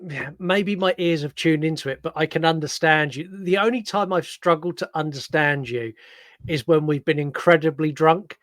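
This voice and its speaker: A chatty young man hosting a podcast and joking with his guests, his voice a little high for a man. He talks casually with plenty of ums, and his voice sounds dry and close, with no room sound. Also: moderate pace, a bit bright, no room sound. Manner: chatty, jokey, many ums. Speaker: podcast host.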